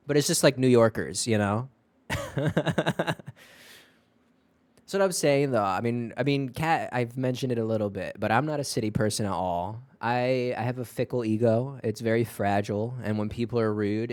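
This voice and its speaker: A man streaming from home, chatting casually with viewers in a rambling, profane, animated way. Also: lowish voice, normal speed, clear, resonant tone, no room sound.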